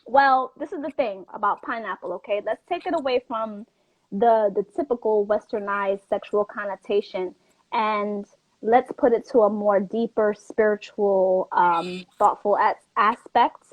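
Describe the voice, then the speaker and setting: A woman hosting a casual talk show, chatting in a lively, quick way and laughing easily. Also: medium pitch, no room sound, low-quality recording. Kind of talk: casual chat.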